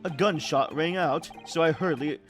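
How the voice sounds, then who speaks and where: A man's voice: fairly high pitch, normal speed, faint music behind, natural voice. A man voicing a prim, formal British male head waiter in a video game, with a stiff butler-like accent.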